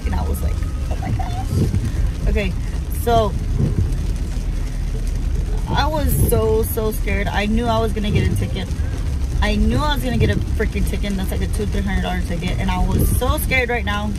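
A woman's voice: medium pitch, very noisy. Chatty emotional mom vlogging from her car. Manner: chatty and emotional, swears casually. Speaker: mother and family vlogger. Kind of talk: casual vlog storytelling. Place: in her car while driving.

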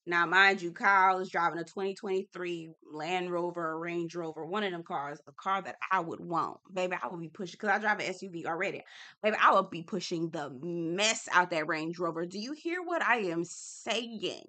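A woman's voice: fairly low pitch, moderate pace, sharp tone. A woman hosting a casual TV recap vlog, sassy and slangy, talking straight to her viewers. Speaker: TV recap host.

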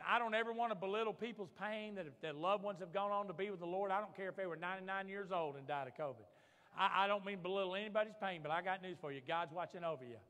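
A male pastor preaches fervently, his bright, forceful voice pushing each point home. He keeps asking the congregation for an amen, and his words carry a long reverb through the church sanctuary. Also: high-pitched. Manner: fervent, calls for amens from the congregation. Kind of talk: sermon. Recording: long reverb of a large hall.

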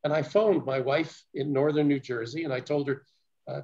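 A man's voice: a little high, fairly even intonation, darkish tone. Older man recounting, dull lo-fi audio. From Canada. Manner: measured, detailed storytelling with frequent restarts. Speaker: speaker telling a survivor's account. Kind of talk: first-person recounting to an audience. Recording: dull lo-fi recording.

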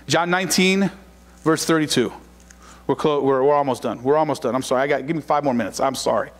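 A pastor preaching in a high, light male voice, his words ringing out in a long hall reverb. He hammers home points through repetition and rises to loud cries, then slows down to read scripture with deliberate weight. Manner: preaching with rising shouted emphasis and repetition; reads scripture slowly and deliberately. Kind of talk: sermon.

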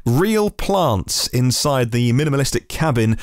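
Lively male news podcast host. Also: medium pitch, unhurried, no room sound, clean studio sound. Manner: chatty, adds casual asides to the news. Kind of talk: daily news podcast reading.

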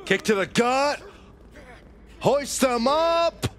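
Very high-pitched male wrestling analyst. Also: animated, extremely slow, fairly bright tone, a little hiss or hum. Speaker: wrestling color commentator. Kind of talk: video game wrestling commentary.

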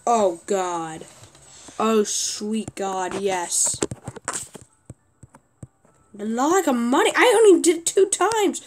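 A young woman commenting on her own gameplay, often exasperated and yelling at a teammate. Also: fairly high pitch, lively intonation, slow pace, long pauses, slight background noise. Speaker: gaming youtuber.

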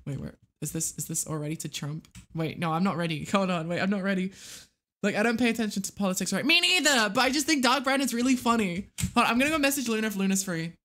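A live streamer playing a game, talking casually with viewers, excitable and swearing freely. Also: mid-range voice, fast.

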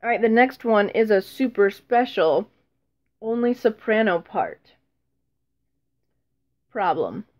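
A woman's voice: medium pitch, animated, slow pace, long pauses. A teenage girl chatting casually in a vlog, rambling and self-deprecating, with frequent ums and laughs. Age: teens. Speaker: vlogger.

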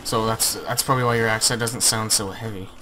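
A man's voice: fairly low pitch, fairly even intonation, brisk, a crowd in the background, poor audio. A man chatting, teasing and laughing while playing a game with a friend. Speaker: gamer co-host. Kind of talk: casual gaming chat.

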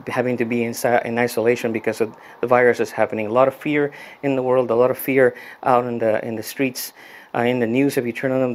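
A man's voice: medium pitch, darkish tone. A young adult man, a youth pastor, telling a story in a casual, conversational sermon. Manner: conversational storytelling, frequent restarts.

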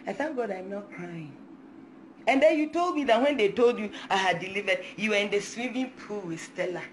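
A woman's voice: mid-range voice, expressive, normal speed, a little hiss or hum. A young Ghanaian woman in her twenties speaking out defiantly on a live video, switching between English and Twi and reading scripture aloud. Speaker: mother speaking out. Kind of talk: emotional social media live video.

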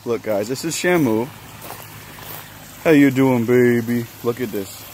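A man's voice: mid-range voice, measured pace, pauses often, darkish tone, a little hiss or hum. A man vlogging casually outdoors and in his truck, teasing his companion and laughing often. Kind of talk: casual vlog banter.

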